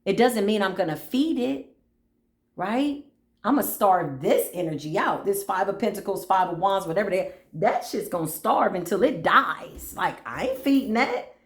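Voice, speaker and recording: A woman's voice: mid-range voice, normal speed. A middle-aged woman chats about spirit and everyday stories, slipping into other people's voices as she tells them. She talks from a room with a noticeable echo. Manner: animated storytelling, acts out voices, laughs often. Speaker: spiritual reader. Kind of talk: casual spiritual talk. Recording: echoey room.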